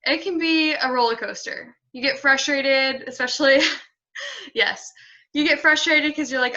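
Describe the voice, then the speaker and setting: A woman host with a high, sharp, bright voice winds through a casual question. She rambles a little and laughs easily. The recording is a touch muffled. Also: lively intonation, a little slow. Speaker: interviewer, host.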